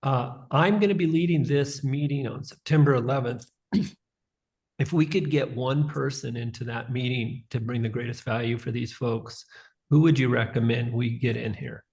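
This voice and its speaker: A man's voice: mid-range voice, steady tone, moderate pace, gravelly, a little mellow. Man team leader, friendly and direct, casual chat. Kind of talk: casual conversation.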